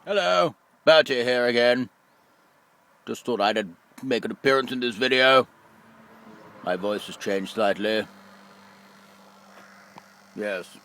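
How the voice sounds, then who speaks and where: A man doing a gravelly, cheeky bald mascot. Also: medium pitch, slow pace, long pauses, bright, forceful tone. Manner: rude, blunt and cheeky. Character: cheeky bald male mascot toy, greedy for fat. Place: lorry cab.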